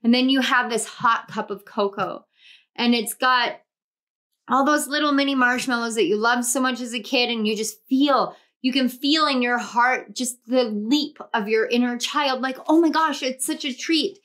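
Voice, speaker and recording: A woman's voice: fairly high pitch, normal speed, a bit bright. A woman reading tarot cards and guiding a visualization in a soothing, flowing way, often repeating herself. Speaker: tarot reader.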